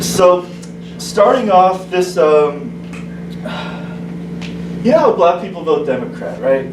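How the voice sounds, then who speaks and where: Open-mic male comic, stammering restarts, slightly high voice; recorded from far off in a roomy little club. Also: animated. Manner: halting, stumbling delivery with many restarts. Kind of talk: stand-up comedy set. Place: small comedy club, indoors. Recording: echoey club, distant mic, room noise.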